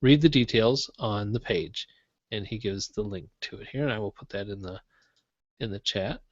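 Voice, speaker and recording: A man's voice: fairly low pitch, moderate pace, no room sound. A man co-hosting a tech podcast in easygoing, joking chat and reading out listener email. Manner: easygoing, joking, muddles through reading aloud. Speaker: podcast co-host. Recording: dull lo-fi dry podcast audio.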